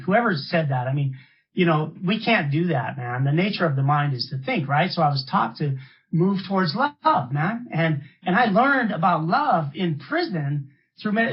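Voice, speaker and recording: Husky-voiced man sharing his recovery story. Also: on the high side. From San Francisco. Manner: street-casual, calls listeners man, rambling restarts. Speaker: AA speaker. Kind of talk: recovery share talk. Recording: muffled lo-fi talk recording.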